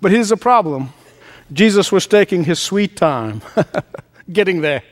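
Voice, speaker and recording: A man's voice: high-pitched, lively intonation, unhurried. A man preacher giving a sermon, emphatic, repeating key phrases and laughing often.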